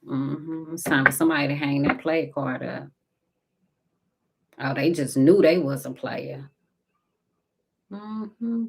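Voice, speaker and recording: Deep-voiced lady doing a chill tarot reading, calls everybody baby n honey, goes whispery sometimes. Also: slow pace, vocal fry, long pauses, breathy edge. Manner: intimate and chatty, calls listeners baby and honey. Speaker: tarot card reader. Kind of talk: casual spiritual tarot reading to viewers.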